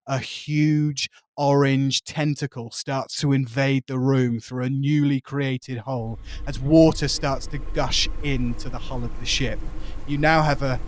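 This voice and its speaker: A man with an English accent narrating as game master, describing the scene with lively detail and frequent laughs. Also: medium pitch, slight background noise.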